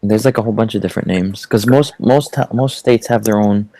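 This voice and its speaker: A woman with a Connecticut accent and a strikingly deep, low voice co-hosts a casual livestream chat. She giggles easily and is quick to agree. Her voice sounds dry and close, with no room around it. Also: dark tone, no echo, rough recording.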